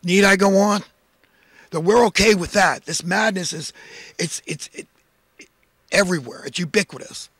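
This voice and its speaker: A man's voice: sits high, moderate pace, long pauses, fairly bright tone, no room sound. A man delivering a preachy, impassioned monologue of social commentary, full of emphatic rhetorical questions. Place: in California.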